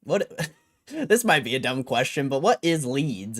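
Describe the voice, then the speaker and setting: A young man hosts a livestream in a mid-range voice, very animated but a little slow. He chats casually and reads viewer comments, laid-back and rambling, full of slang.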